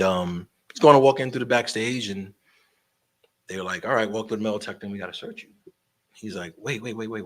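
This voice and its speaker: A man telling animated stories about promoting shows, swearing freely and acting out the voices of the people in them. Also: deep voice. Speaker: guest storyteller, concert promoter and barber. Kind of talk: casual storytelling interview.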